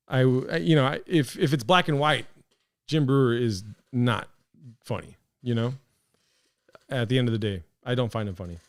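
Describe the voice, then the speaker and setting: Sarcastic male streamer, smooth voice. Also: mid-range voice. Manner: dry, sarcastic, rambling. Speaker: streamer reacting to clips. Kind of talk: casual reaction stream.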